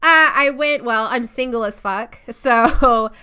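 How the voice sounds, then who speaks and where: A woman co-host chats away, telling a story in a lively, laughing way. Her voice is bright and clear, sitting slightly high. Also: takes it slowly. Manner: chatty storyteller, laughs often. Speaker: podcast co-host. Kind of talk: casual chat.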